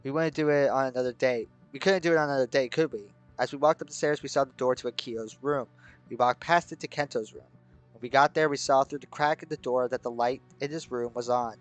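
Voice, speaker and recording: A man's voice: mid-range voice, fast talker, faint music behind. A man reading a game's story aloud, breaking off into shocked, incredulous reactions. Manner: shocked, incredulous outbursts between narration.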